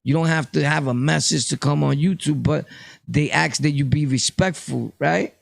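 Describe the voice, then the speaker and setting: A man's voice: on the high side, moderate pace, gravelly. A man from Brooklyn, talking casually to his viewers in a rambling, streetwise opinion vlog full of fillers. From Brooklyn, New York. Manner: streetwise, direct, addresses viewers. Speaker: vlogger, channel host.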